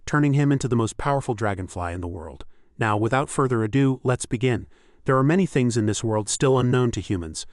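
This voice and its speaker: A man's voice: medium pitch, dry recording, clean studio sound. A man narrating a scripted story recap, telling it steadily and speaking straight to the viewer.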